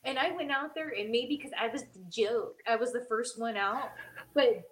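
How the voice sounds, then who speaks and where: A woman talking in a relaxed podcast chat, telling stories from her wrestling days. She is animated, with sudden jumps up in pitch whenever she acts out what someone said. Her speech is casual and full of fillers. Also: moderate pace. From Mexican heritage. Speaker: podcast co-host; former wrestler.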